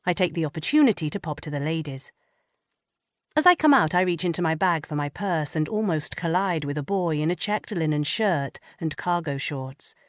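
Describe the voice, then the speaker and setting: Woman, audiobook narrator, lowish voice, dry close mic, expressive. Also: normal speed, dry recording. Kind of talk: first-person audiobook narration.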